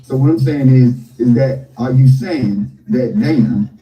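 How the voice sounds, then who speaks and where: Brief: hesitant male interviewer, mid-pitched, distant echoey muffled recording. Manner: hesitant, halting, calm. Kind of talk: conversational interview.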